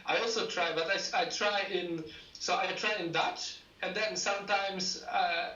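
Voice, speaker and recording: A high-voiced man with a Polish accent who speaks haltingly, restarting his sentences. He sounds far from the mic in an echoey room with faint noise behind him. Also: fairly even intonation, pushed and bright, muffled recording. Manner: hesitant, halting speech with many fillers and restarts. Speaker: participant.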